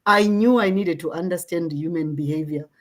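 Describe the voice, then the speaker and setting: A middle-aged woman from Zimbabwe, a social justice advocate, answering interview questions in an earnest, measured way and often checking in with "right?". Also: fairly low pitch.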